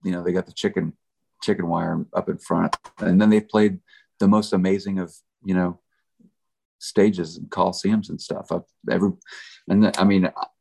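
Deep gravelly laid-back country singer. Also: male voice, steady tone, normal speed, a little mellow. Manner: laid-back, rambling, lots of fillers. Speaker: country musician guest. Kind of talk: casual storytelling chat.

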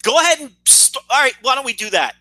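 A man's voice: very high voice, big pitch swings, quick pace, bright, forceful tone, dry recording, poor audio. A man co-hosting a casual wrestling podcast, blunt and opinionated, swearing as he speaks. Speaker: podcast co-host.

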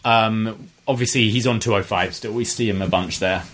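A man's voice: on the low side, steady tone, fairly bright tone, slight background noise. Enthusiastic young man in podcast banter. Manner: enthusiastic, quick-witted banter. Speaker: podcast co-host. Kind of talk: casual wrestling review chat.

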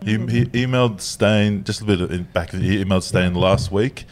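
An Australian man co-hosting a podcast in casual chat, relaxed and steering the plan. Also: sits low, brisk. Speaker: podcast co-host.

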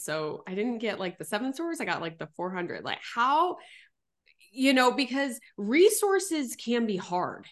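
A woman's voice: on the high side, sing-song, measured pace. A woman hosting a podcast interview, emphatic and encouraging, asking long run-on questions. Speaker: podcast host. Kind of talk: casual interview.

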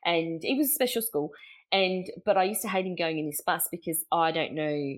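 A woman's voice: lowish voice, a little fast. A middle-aged Australian woman spins family stories in a loose, chatty way. She laughs as she goes, trails off into fillers and slips into little impressions of the people she quotes. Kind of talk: casual anecdotal storytelling.

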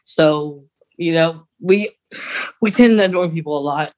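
A young man co-hosting a podcast, chatting casually in a rambling way with quick laughs. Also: a little high, darkish tone. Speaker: podcast co-host. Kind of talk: casual chat.

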